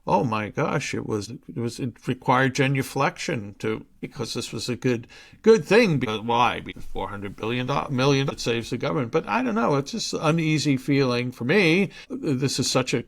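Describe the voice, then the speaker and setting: Male podcast host, mid-pitched gravelly voice, chatty questioning. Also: lively intonation, normal speed. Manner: chatty, with short agreeing interjections. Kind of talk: conversational podcast hosting.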